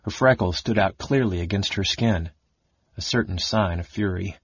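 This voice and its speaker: Low, husky male audiobook narrator. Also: normal speed, dry recording. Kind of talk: dramatic fantasy audiobook narration. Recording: dull lo-fi audiobook recording.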